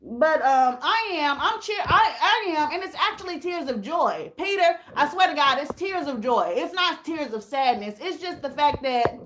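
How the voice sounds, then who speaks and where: A woman's voice: sits high, expressive, normal speed, fairly bright tone. A woman hosting a casual livestream, tearful and candid as she talks straight to her viewers and reads their comments. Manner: candid and emotional, addressing viewers as y'all.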